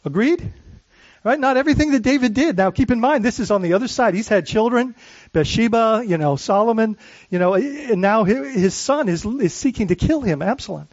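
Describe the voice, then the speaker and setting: A man preaching as pastor, his voice set high for a man. He talks in an earnest way, often stumbling and restarting phrases, and puts questions to his listeners. The recording is dry and a little dull. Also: animated, fairly quick, dry recording. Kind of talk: sermon.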